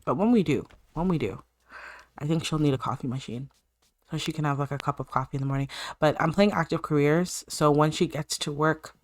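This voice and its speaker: A woman's voice: sits low, dry recording. Woman doing let's-play commentary, chatty, keeps talking to her sims like they're real. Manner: chatty, talks to her game characters. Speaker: gaming channel host.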